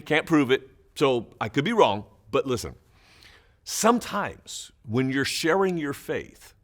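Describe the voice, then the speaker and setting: Animated male pastor teaching scripture. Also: mid-range voice. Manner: animated, emphatic explaining with chuckles. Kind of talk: Bible teaching for small groups.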